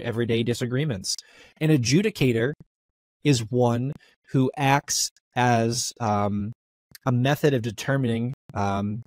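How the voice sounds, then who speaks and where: A man's voice: mid-range voice, darkish tone, dry recording, lightly acted. A man voicing a polite, apologetic royal advisor who explains things courteously and with some hesitation.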